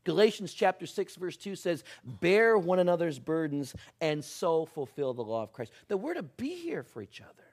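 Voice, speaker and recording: A middle-aged man preaching a sermon as a pastor, swinging from loud emphatic lines to hushed, almost whispered ones. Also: fairly high pitch, sing-song, moderate pace, few pauses.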